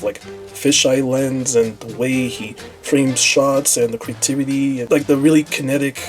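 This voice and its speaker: A man rants his way through a film review in a casual, blunt voice. He swears freely and leans sarcastic, at an ordinary middle pitch. Soft music plays faintly behind him. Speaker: movie reviewer.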